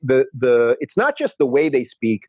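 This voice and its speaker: A man's voice: mid-range voice, big pitch swings, normal speed, a little mellow, no room sound. Chatty man with a light Long Island accent. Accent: light Long Island, dropping final R's. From Long Island, New York. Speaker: interview guest. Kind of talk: casual interview chat.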